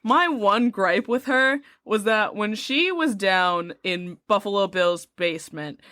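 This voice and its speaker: A woman's voice: medium pitch, a bit bright, no room sound, clean studio sound. A woman co-hosting a podcast who chats casually, laughs easily and keeps up a stream of short replies. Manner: chatty, quick to laugh, backchannels often. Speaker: podcast co-host.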